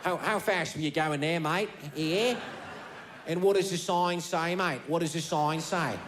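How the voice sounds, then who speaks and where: A man's voice: fairly high pitch, measured pace, a bit bright. A man voicing a brusque male Australian traffic cop questioning a driver. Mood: interrogating. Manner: blunt, questioning.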